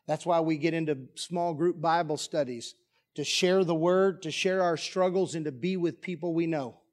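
A pastor with a notably high voice preaches to his church. He drives his points home with repeated rhetorical questions and forceful emphasis. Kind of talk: sermon. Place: church sanctuary.

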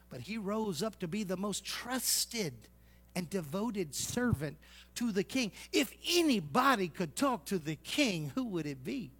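High-voiced folksy preacher. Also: male voice, big pitch swings, a little slow, slightly rough. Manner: folksy, teasing, swings from loud to hushed. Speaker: pastor. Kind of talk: sermon.

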